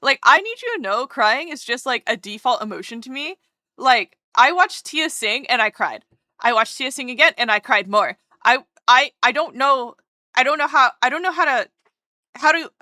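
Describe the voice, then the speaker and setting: A woman streamer rambling and gushing in a casual chat while she draws, often breaking off mid-thought. Her voice is slightly high, bright, and smooth, recorded close and dry. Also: no echo. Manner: gushing, rambling, self-interrupting.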